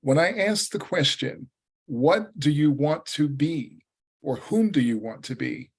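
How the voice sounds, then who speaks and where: Slow, measured man hosting a meeting. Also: fairly high pitch, animated, slightly rough. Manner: measured and courteous. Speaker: meeting host. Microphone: video call.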